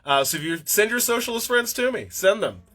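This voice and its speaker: A worn-out man hosts a casual livestream, rambling bluntly and swearing freely. His voice sits a touch high and rings bright and forceful. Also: expressive, a little fast. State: tired. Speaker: livestream host.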